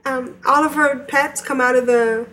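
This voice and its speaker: A woman's voice: high voice, steady tone, moderate pace, fairly bright tone. A woman co-hosting a casual podcast, giggly and playful. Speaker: podcast co-host.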